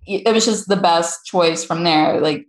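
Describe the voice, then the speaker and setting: A woman comedian guesting on a casual chat show, playful and quick with quips. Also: fairly low pitch, crowd noise. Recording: roomy echo.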